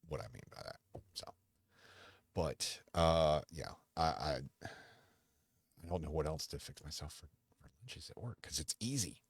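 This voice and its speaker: A man's voice: extremely low pitch, creaky, husky, no echo. A man hosting a podcast, chatting casually on his own in a rambling, self-interrupting way with dry humor. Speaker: podcast host. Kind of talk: casual solo chat.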